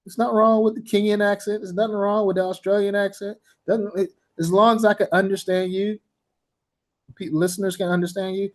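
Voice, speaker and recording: A man's voice: sits high, level tone, a little fast. A man teaching language-teaching methods in a blunt, emphatic lecture style, repeating his key points for stress. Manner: blunt and informal. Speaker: TESOL instructor.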